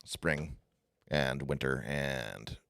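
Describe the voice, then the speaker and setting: A man's voice: extremely low pitch, drawn-out words, vocal fry, fairly bright tone, clear, resonant tone, no echo, studio quality. A man talking as a podcast guest, laid-back and swearing freely, often trailing off mid-sentence. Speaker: guest guitarist. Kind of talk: casual chat.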